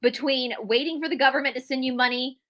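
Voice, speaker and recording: Southern US woman, guest historian; opinionated and chatty, fairly high and bright. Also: fairly even intonation, quick pace. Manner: opinionated, chatty, restarts often. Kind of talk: casual livestream chat.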